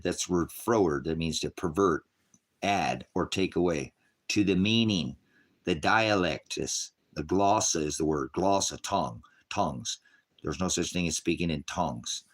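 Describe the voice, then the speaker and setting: A man preaching casually to an online audience, rambling from point to point, often chuckling and mocking others in put-on voices. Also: extremely low pitch.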